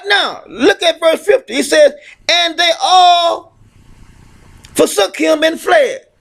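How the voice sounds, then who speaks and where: A man preaching a fiery sermon, reading scripture aloud and shouting emphatic points, often restarting his phrases. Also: very high-pitched, gravelly.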